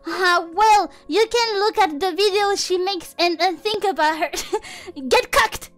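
A woman streaming casual chat to her viewers, playful and excitable, with non-native English phrasing. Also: very high voice, measured pace. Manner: playful, excitable, slips into mock outrage. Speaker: VTuber streamer.

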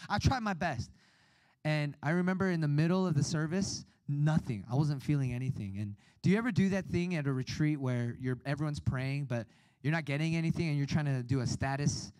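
Guy preaching at a youth retreat, kinda high voice, tells his story all animated, dry close sound. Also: dry recording. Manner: animated, acts out his younger self, says "right?" often. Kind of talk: storytelling sermon.

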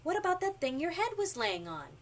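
A woman's voice: extremely high pitch, wildly swooping pitch, fairly quick, voice pushed up, heavily acted. A woman voicing a friendly, helpful male crow in a children's storybook reading, recorded from a distance with faint noise. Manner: kind, helping.

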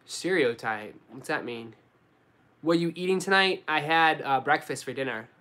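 A young man with a Boston accent, chatting casually on a live stream and answering viewers, relaxed and full of slang. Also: a little high, normal speed. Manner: relaxed, slangy, says dude and bro a lot. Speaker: sneaker YouTuber answering live chat.

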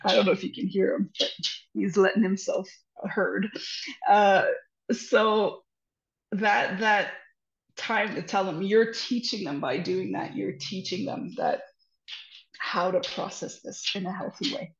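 Gravelly woman giving earnest parenting advice. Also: medium pitch, normal speed. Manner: earnest, reassuring, repeats "trust me". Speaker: parenting educator guest. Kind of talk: conversational advice talk. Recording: roomy, slightly dull lo-fi sound.

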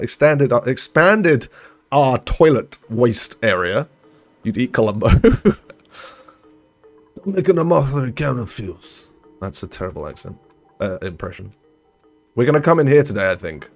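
A young gaming streamer gives casual let's-play commentary on a colony-building game. He's chatty and rambling, correcting himself as he goes and letting his voice trail off low.

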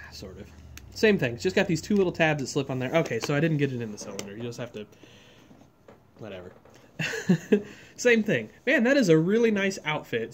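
A man casually reviewing a farm toy model, chatty and enthusiastic, rambling and correcting himself as he goes. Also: fairly high pitch. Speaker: scale model reviewer, channel host.

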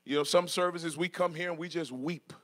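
A middle-aged man preaching a sermon in church, moving from soft asides to shouted passages and joking with the congregation. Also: fairly high pitch, fairly quick. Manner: jokes with congregation, laughs. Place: church sanctuary.

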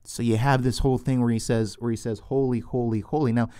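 A man's voice: mid-range voice, level tone, quick pace, dark tone, clean tone, no room sound, studio quality. A man teaching from the Bible in a loose, unscripted way, often restarting and repeating words, and asking questions that he answers himself.

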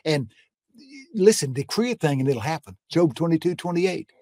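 A man's voice: on the high side, lively intonation, moderate pace, mellow, dry recording, studio quality. An older man, a guest preacher, telling faith testimonies in a folksy, fervent conversational way and often repeating "I'm telling you.".

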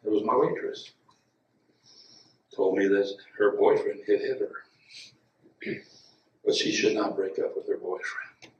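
A man preaching a sermon as a guest preacher, talking to the congregation in an easy way and rising to loud, emphatic lines. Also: fairly low pitch, a little slow, long pauses, muffled recording. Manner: chuckles and asides to the congregation. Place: church sanctuary. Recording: echoey church room, mic at a distance.

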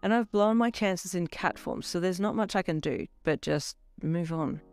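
A reader voicing a young woman who is anxious and conflicted, her voice jumping high when flustered. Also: animated, normal speed, smooth, faint music behind, natural voice. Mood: wistful.

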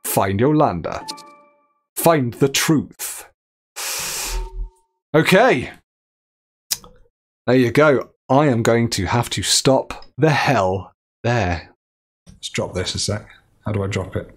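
A man's voice: mid-range voice, animated, slow pace, long pauses. Joking male game streamer. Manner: joking, reads texts and chat aloud. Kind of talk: gameplay commentary.

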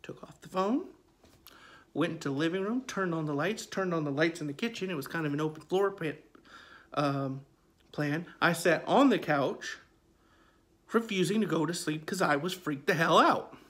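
A man in his forties with a fairly high, fairly bright voice recounts a true ghost story at a moderate pace. His casual, conversational telling is emphatic, and he often repeats phrases.

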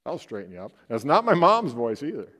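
A male pastor with a middle-pitched voice teases his congregation in a folksy way. He then settles into a quiet, slow guided prayer meditation. His voice hangs in the long reverb of a church sanctuary. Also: wildly swooping pitch.

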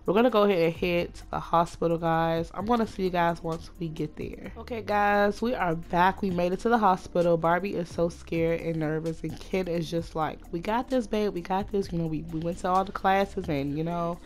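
A woman giving casual, chatty commentary as she plays a life-simulation game, talking excitedly to her viewers. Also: lowish voice, moderate pace, few pauses. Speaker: let's play host.

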